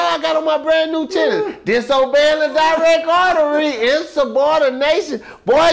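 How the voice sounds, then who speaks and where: A man, a guest telling humorous stories in an interview, animated and laughing, full of slang. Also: high-pitched.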